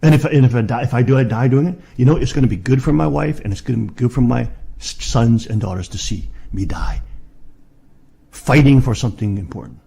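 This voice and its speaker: A middle-aged man preaching in a fiery rant, swinging from low muttering to shouted insults. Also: a little fast, gravelly, husky.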